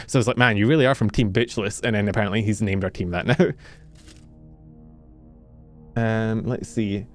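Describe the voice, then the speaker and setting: Young streamer from the UK, self-mocking rambler, low voice, light music underneath. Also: male voice. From United Kingdom. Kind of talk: casual chat while gaming.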